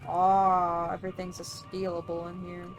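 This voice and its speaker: A woman's voice: on the low side, monotone, normal speed, faint music behind. A young woman playing a game and commenting casually, flustered, panicky and swearing as she fumbles through it. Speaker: let's play gamer.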